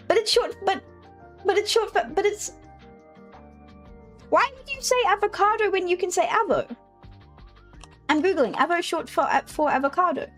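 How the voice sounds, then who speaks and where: South African woman, young, high voice, quick playful chatter to live chat, soft music underneath. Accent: South African English. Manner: playful, animated, reacting to chat messages. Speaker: streamer.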